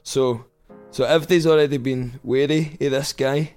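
A man's voice: medium pitch, fairly even intonation, normal speed, darkish tone, faint music behind. Laughing Scottish man telling a yarn. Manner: rambling, laughs through his own anecdotes. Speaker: podcast co-host. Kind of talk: casual storytelling.

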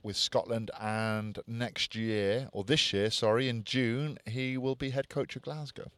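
Teasing podcast co-host. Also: male voice, medium pitch, steady tone, measured pace, a bit bright, no room sound. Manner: teasing banter. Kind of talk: casual chat.

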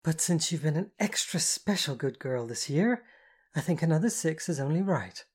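A flamboyant showwoman who plays to a crowd, loud and mock-formal, put on by an audiobook narrator. Her lines are slow, grand and raised in pitch. She sounds theatrical and in command. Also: gravelly, close to an everyday voice. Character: flamboyant, theatrical dominant woman performer. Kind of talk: audiobook character voice.

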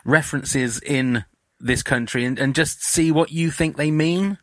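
A man hosts a casual interview in a slightly high voice, with a dry, close sound. He stumbles over his words and laughs often. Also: measured pace, a bit bright, no room sound. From England. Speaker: podcast host.

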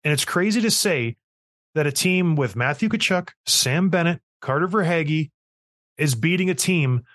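A middle-aged man holds forth on a sports podcast, his voice sitting a little higher than most men's. He rants with emphatic exasperation, piling point on point, and the recording is dry and close with no room echo. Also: lively intonation, normal speed, a bit bright. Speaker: podcast host. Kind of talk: casual sports talk rant.

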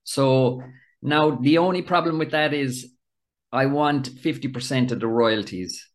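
A man's voice: medium pitch, a little slow. A man hosting a podcast, asking questions in an easygoing, chatty way. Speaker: podcast host. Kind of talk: casual interview chat.

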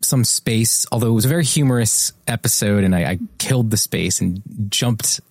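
A man from New Jersey co-hosting a podcast interview, thoughtful and measured, pausing to find his words. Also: lowish voice, vocal fry, a little mellow, no room sound, studio quality. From New Jersey, USA. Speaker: podcast co-host.

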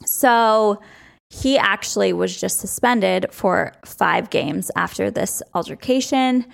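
Young woman sports podcaster, chatty and opinionated, bit of vocal fry. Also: medium pitch, slow. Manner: chatty and opinionated, laughs often. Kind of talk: casual sports chat.

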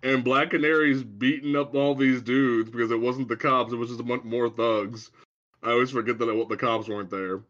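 A man's voice: medium pitch, steady tone, normal speed, fairly bright tone. A man co-hosting a podcast, chatting casually about a comic book in a rambling way. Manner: rambling, quotes lines in put-on voices. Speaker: podcast co-host. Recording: dull lo-fi sound.

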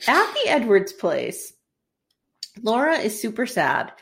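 Animated woman recapping with lively pitch. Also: slow pace, vocal fry. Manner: animated, swearing, mimics characters while retelling. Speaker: podcast co-host. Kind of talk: casual recap chat.

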